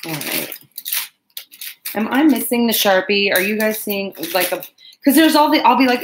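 A woman's voice: mid-range voice, lively intonation, moderate pace, reverberant, slight background noise, poor audio. A woman chatting casually and rambling to viewers while she crafts on a livestream. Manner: chatty, rambling, self-deprecating, talks to viewers and pets.

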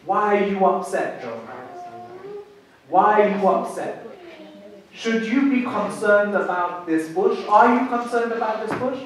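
A man preaching voices God, calmly and firmly questioning an upset prophet. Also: sits high, measured pace, recorded from a distance. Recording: echoey church hall from afar.

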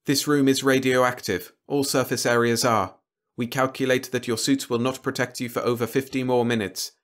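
A cold robot leader speaking with measured, flat politeness, as a man puts the voice on. The voice sits a little higher than usual and never shows emotion. It sounds like a machine in a storybook reading. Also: close to an everyday voice. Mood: cold, formal.

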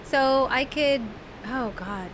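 A woman with a high, light voice streams a video game live and chats to her viewers between moves. She shrieks and squeals whenever enemies jump out at her. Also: takes it slowly, noisy background. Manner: talks to viewers in chat. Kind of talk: live gameplay commentary.

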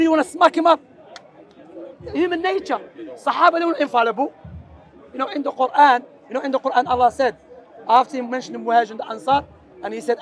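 High-voiced man preaching outdoors in a debate. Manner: earnest, animated and persuasive, sprinkled with Arabic phrases. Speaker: street preacher. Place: busy outdoor public space.

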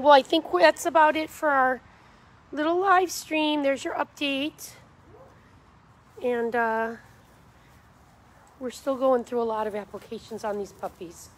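A woman on a live stream in a backyard, talking to dogs in coaxing baby talk, calling and cheering them on. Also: sits high. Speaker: dog rescue volunteer. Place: backyard outdoors.

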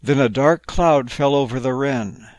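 A man gently narrating a playful, whimsical bedtime story. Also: medium pitch, unhurried, no room sound.

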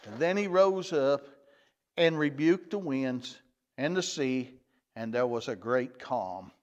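A man's voice: medium pitch, slow pace. A man teaching a Bible lesson in a folksy way, often repeating and restarting phrases. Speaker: church teacher. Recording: dull lo-fi church recording.

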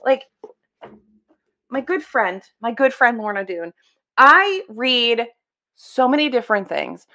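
Young woman, slightly high voice, exasperated and emphatic reaction vlogger. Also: sing-song, slow, pauses often, bright, forceful tone. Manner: exasperated, emphatic, swears and laughs. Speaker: book video creator reacting to a clip. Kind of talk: casual reaction commentary.

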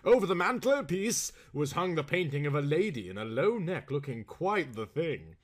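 Lively, expressive male storyteller. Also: on the high side, normal speed. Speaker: narrator. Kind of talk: storybook reading.

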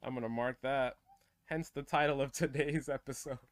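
A young man streaming a shooter game live, commenting excitedly and trash-talking the other players. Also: mid-range voice, moderate pace.

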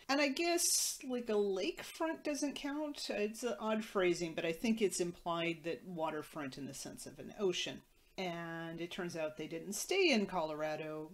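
Woman host, lowish voice, dry matter-of-fact recap with wry asides. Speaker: podcast host. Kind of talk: episode recap commentary.

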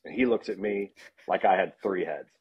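A middle-aged man, a football analyst, casually telling animated stories as a podcast guest. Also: low-pitched, moderate pace, breathy edge. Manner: animated anecdotes with laughs and restarts. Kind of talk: casual storytelling in a podcast interview. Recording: dull lo-fi sound.

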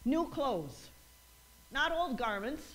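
A woman's voice: sits high, very animated, slow pace. A woman pastor preaching a sermon, repeating lines for emphasis and acting out quoted voices. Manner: call-and-response preaching, rising to emphatic repeats; acts out quoted voices with laughs.

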